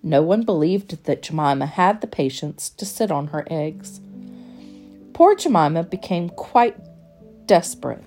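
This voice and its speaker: A woman reading a children's storybook aloud in a gentle, expressive, measured way. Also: sits low, faint music behind.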